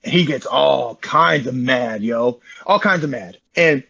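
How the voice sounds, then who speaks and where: A man's voice: medium pitch, a little slow, gravelly, pushed and bright, muffled recording. A man as an interview guest, telling his story in a rambling, slangy, casual way and calling listeners bro. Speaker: interview guest, online community founder.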